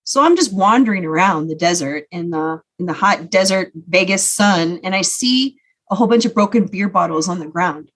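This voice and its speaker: A woman guest telling her life story in an earnest, reflective way, often pausing with "you know". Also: fairly low pitch, animated. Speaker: podcast guest. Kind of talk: personal storytelling.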